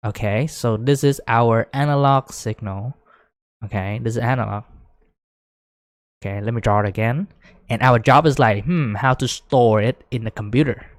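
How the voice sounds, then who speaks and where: A man giving a casual whiteboard lecture, full of fillers like "right?", growing excited as he explains. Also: mid-range voice, normal speed, no echo, clean studio sound. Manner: chatty, many fillers, rising excitement when explaining. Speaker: teacher.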